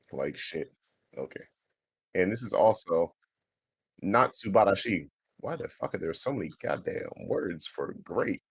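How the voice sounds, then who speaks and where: Streamer guy: deep, husky, lively delivery, dry close sound, profane and loose. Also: unhurried, dry recording. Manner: swears freely, sounds out foreign words. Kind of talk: casual livestream chat.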